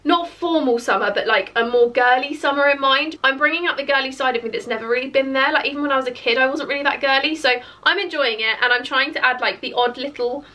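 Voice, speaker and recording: A woman chatting casually through a clothing haul, her voice croaky and cracking from hiccups, with lots of "like" fillers. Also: sits high, fast talker, few pauses, sharp tone. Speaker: fashion vlogger. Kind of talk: casual try-on haul chat. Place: bedroom beside a clothes rail.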